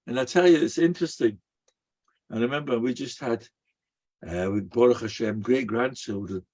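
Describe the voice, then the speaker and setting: An older man, a rabbi giving a storytelling sermon in an animated way. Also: medium pitch, moderate pace, lo-fi sound. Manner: animated, acts out quoted voices.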